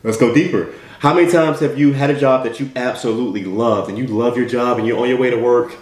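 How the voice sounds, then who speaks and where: A motivational speaker with a mid-range voice talks fast and emphatically, piling up repeated rhetorical questions. The recording comes from an echoey room.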